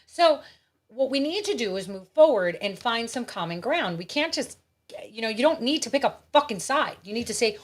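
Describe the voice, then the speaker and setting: A woman's voice: on the high side, lively intonation, normal speed. A woman hosting her own show, giving blunt, profane political commentary in a ranting manner. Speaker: show host.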